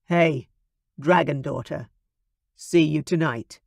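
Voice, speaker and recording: A man's voice: fairly high pitch, slow pace, gravelly, no room sound, studio quality, full character voice. A man voicing a confident young man in love in an audiobook, earnest and tender.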